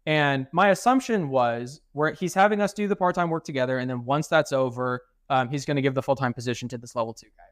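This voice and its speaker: A man's voice: mid-range voice, quick pace, few pauses, dry recording, clean studio sound. A young man co-hosting a podcast, telling stories in casual chat, swearing freely and acting out what people said. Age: young adult. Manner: swears freely and acts out quoted dialogue. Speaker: podcast co-host.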